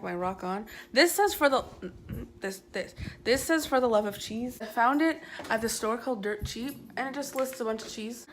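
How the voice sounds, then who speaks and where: Teen girl vlogger, chatty and rambling, phone mic, mid pitch, faint noise behind. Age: teens. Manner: rambling, chatty, self-conscious. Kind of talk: casual chat. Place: her bedroom, indoors. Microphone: handheld phone.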